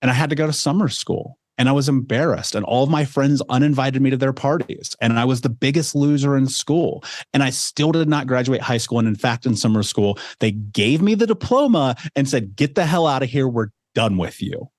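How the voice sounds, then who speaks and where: A man in his thirties speaks candidly as a podcast guest, recounting his life story in a steady mid-range voice. His delivery is conversational, dotted with quick asides, and the sound is dry and close with no room around it. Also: medium pitch, dry recording. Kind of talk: telling a personal life story.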